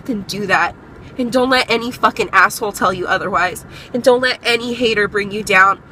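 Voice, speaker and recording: A woman's voice: fairly high pitch, sharp tone, slight background noise, low-quality recording. A young woman vlogger giving a candid, earnest motivational talk, encouraging her viewers and swearing freely.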